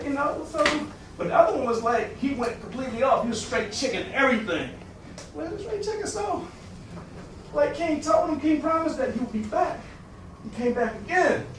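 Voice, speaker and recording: A man casually telling a story out loud, acting out the characters with sudden jumps in pitch and shouts. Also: slight background noise. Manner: animated, acts out quotes with big pitch jumps and shouts. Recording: very echoey room, recorded from a distance.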